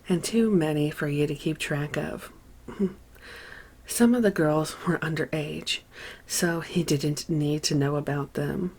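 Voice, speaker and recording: A woman reading a memoir aloud as an audiobook narrator, measured and unhurried, with deliberate pauses. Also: low voice, a little mellow.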